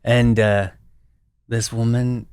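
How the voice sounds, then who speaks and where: A man guest and brand founder in a casual interview, an animated storyteller with frequent restarts. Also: mid-range voice, slow, smooth, no room sound.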